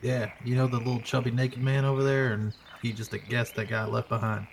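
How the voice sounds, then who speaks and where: A man's voice: mid-range voice, flat delivery, fairly quick, creaky, slight background noise. A man playing a tabletop game in character, blunt and laid-back. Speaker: player.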